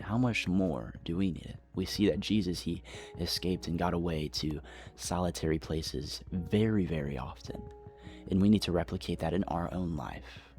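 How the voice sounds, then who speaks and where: A young man giving an earnest, confessional devotional talk to camera, pausing softly as he shares. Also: low voice. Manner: earnest, confessional, with soft pauses. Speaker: Christian vlogger.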